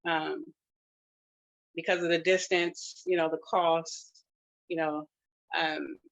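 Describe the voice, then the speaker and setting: A grandmother sharing a personal testimonial, emotional and close to tears, talking in a halting way with many fillers and restarts. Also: sits low, flat delivery, vocal fry, muffled recording. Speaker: grandmother sharing her family's experience.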